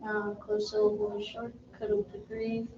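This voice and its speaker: A woman student slowly reciting the steps of a reading lesson, halting with frequent ums. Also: medium pitch, monotone. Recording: roomy, distant, dull and noisy recording.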